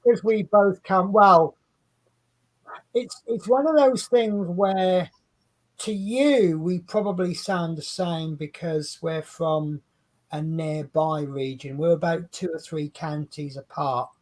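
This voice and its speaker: A man's voice: on the high side, slow pace. A man, co-hosting a craft livestream in rambling, chatty talk and laughing at his own stories. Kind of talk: casual chat. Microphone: video call stream.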